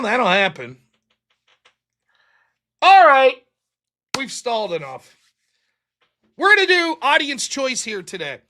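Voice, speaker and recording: A man hosting a live stream, telling a story in a casual, profane monologue and acting out the other people's lines in a raised voice. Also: high-pitched. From United States. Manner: profane, animated, acts out quotes in raised voices.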